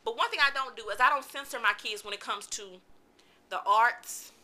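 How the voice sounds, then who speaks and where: A woman, giving a chatty, animated book review in a casual vlog. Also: a little high, moderate pace. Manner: animated, chatty, vents with exclamations.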